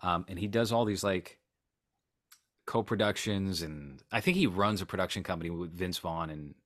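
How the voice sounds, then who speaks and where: A man's voice: sits low, moderate pace, fairly bright tone, dry recording, studio quality. A man co-hosting a podcast, chatting about films in a rambling, joking way and poking fun at himself. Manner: rambling, joking, self-deprecating. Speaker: podcast co-host. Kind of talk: casual film chat.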